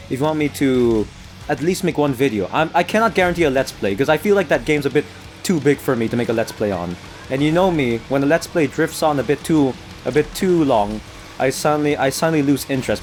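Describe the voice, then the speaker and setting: An American man chats over a racing game, his pitch leaping up and down as he laughs and restarts his sentences. Soft game music plays faintly behind him. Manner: animated, laughs often, trips over restarts. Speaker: let's play gamer. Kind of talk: casual gameplay commentary.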